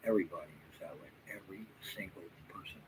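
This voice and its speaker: A tired man talking to viewers in a halting, rambling monologue, full of fillers and restarts, sometimes dropping to a near whisper. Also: sits low. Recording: noisy room background.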